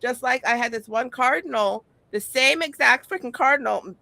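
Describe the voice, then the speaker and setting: A woman telling stories in casual chat as host, animated and swearing, acting out quotes. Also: sits high, normal speed, vocal fry, no echo.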